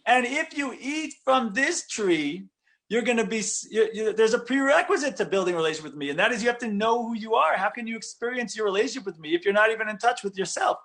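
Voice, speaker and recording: God, as a rabbi puts him on, speaks in a raised, earnest voice, patiently reasoning out his plan. The tone is casual and familiar, closer to a caring mentor than a stern judge, as in a lively storytelling lecture. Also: high voice, quick pace, voice pushed up. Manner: earnest, explaining, casual everyday phrasing.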